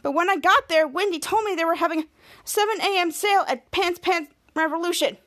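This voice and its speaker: A woman doing a brash teenage girl, sassy and matter-of-fact. The voice is high and bright, and it stays close to the narrator's own. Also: fairly quick.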